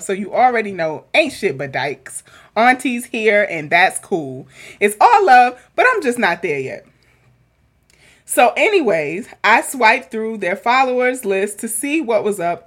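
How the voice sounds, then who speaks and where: A woman's voice: mid-range voice, fairly bright tone. A woman co-hosting a podcast, chatting casually and reading a listener's letter aloud with a lot of laughter. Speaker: podcast co-host.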